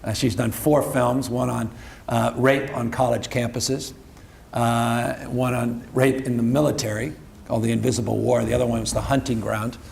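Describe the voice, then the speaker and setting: Middle-aged male candidate, gravelly timbre, emphatic and playful delivery. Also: medium pitch, level tone, darkish tone, a little hiss or hum. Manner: quick, joking, emphatic. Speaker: political candidate at a forum. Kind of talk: casual onstage conversation.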